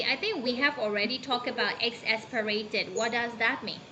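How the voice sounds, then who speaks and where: A woman's voice: on the high side, normal speed, sharp tone. A Burmese-accented woman teaching an online English class, coaxing and encouraging her students over a video call. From Myanmar. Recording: muffled call audio with background noise.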